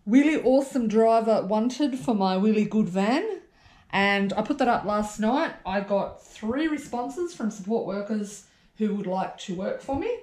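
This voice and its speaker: An Australian vlogger talks casually to an action camera while showing around her home, blunt and chatty with the odd swear. Her voice is fairly high with a darkish tone and sounds reverberant.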